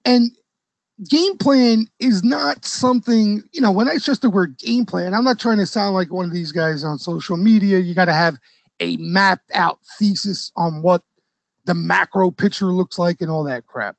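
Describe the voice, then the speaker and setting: Host: high-pitched man, casual trading commentary, keeps asking "okay?", dry close sound. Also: normal speed, creaky, dry recording, poor audio. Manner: conversational, frequent "okay?" checks, loose trader slang. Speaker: stock trading educator and host. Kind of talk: casual market commentary to a live audience.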